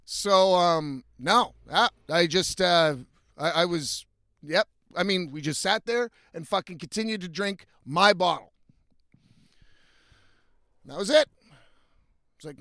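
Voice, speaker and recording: A man's voice: high voice, slow pace, pauses often, sharp tone, no room sound, studio quality. A young man telling a story in a casual, blunt and profane rant, often exasperated. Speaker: vlogger.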